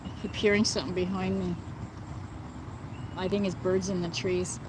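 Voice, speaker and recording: A woman's voice: fairly low pitch, little pitch movement, normal speed, background noise. A woman hosting a casual livestream, speaking indignantly and answering viewers, with many fillers such as "like" and "you know". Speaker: livestream host. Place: outdoors, within earshot of birds and thunder.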